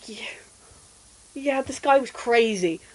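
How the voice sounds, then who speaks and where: A woman streamer chatting casually and telling an animated childhood story while gaming. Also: fairly high pitch, slow, low-quality recording.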